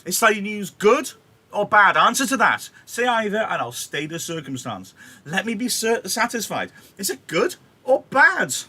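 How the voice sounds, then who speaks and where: A man's voice: sing-song, a little slow, sharp tone, slightly rough, heavily acted. A man doing a frantic teenage girl, Juliet. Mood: impatient. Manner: high, breathless and pleading.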